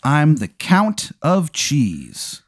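A man's voice: fairly high pitch, huge pitch swings, drawn-out words, no room sound, clean studio sound, pitched above the performer's own voice, full character voice. A man playing a regal foppish count. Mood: persuasive.

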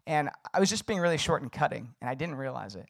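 Young male pastor, casual conversational sermon, relaxed and filler-heavy. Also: medium pitch, fast talker, creaky.

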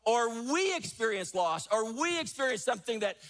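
A man's voice: extremely high pitch, very animated, moderate pace, a bit bright, faint music behind. A man preaching a sermon as pastor, emphatic, rising and falling, repeating key phrases.

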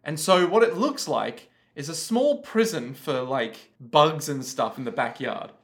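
A man's voice: a little high, expressive, measured pace. A man with an Australian accent co-hosting a podcast, chatting casually, rambling off on tangents and swearing freely. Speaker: podcast co-host. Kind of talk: casual chat.

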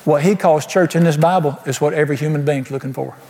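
Folksy preacher, high voice. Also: male voice, fast talker. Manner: folksy and emphatic, with rhetorical questions and sudden drops to a low hush. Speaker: pastor. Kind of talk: sermon. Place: church sanctuary. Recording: long hall reverb.

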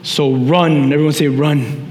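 A male pastor preaching a sermon, animated, with shouted peaks and quick asides to the congregation. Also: a little high. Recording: echoey hall reverb, faint noise.

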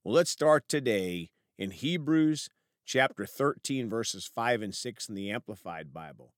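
An earnest male preacher delivers a sermon, his voice rising and falling with lively movement as he prays and reads scripture. The sound is dry and close, with no room around it. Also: medium pitch, a little slow, no room sound. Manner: earnest, prayerful, reads verses aloud.

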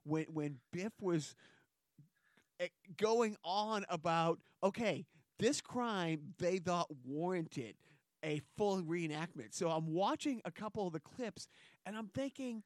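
A man's voice: sits high, expressive, takes it slowly, no room sound, studio quality. A man hosting a casual podcast chat, rambling and joking as he goes. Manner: rambling, joking, chuckles between thoughts. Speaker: podcast host.

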